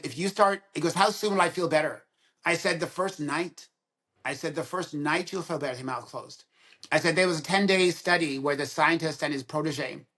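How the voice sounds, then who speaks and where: A man of around sixty, a dentist and podcast guest, telling stories in casual conversation and acting out both sides of quoted dialogue. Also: fairly high pitch. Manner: animated storyteller who acts out both sides of quoted dialogue.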